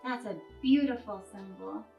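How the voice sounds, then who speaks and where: A woman's voice: medium pitch, moderate pace, creaky, warm tone, echoey room, faint music behind. A woman playing a tabletop game, joking and playful as she plays a traveling character. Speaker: player.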